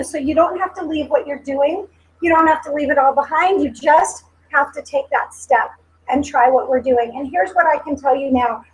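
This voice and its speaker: Speaking at a sales meeting, a woman in her forties delivers a heartfelt motivational talk in a high voice, captured with poor audio. She hammers home her points through emphatic repetition and grows tearful at times.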